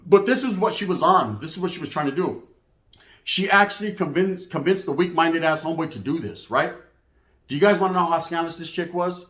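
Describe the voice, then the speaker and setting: A man's voice: fairly high pitch, fairly quick. Slangy, profane man telling street stories. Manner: slang-heavy, profane, animated. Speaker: storyteller host. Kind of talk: street storytelling monologue. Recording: echoey room.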